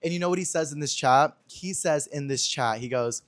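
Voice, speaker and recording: A man's voice: fairly high pitch, a little fast, few pauses, a bit bright. A young man hosting a podcast in a small room, chatting casually and acting out quotes as he retells a story. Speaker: podcast host.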